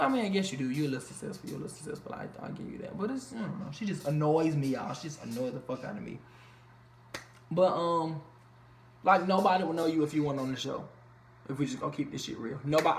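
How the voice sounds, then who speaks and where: A man's voice: a little high, gravelly, slight background noise. Blunt, ranting man in an echoey room. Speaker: reality show reviewer. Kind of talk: casual vlog commentary. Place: home room. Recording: echoey room, faint ambience.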